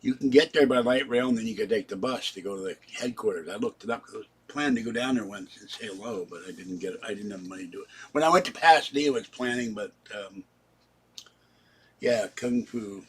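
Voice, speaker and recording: A man's voice: lowish voice, quick pace, husky. A man in his seventies, hosting a casual live stream and chatting to viewers, rambling from one topic to the next. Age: 70s. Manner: chatty, talks straight to viewers. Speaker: channel host.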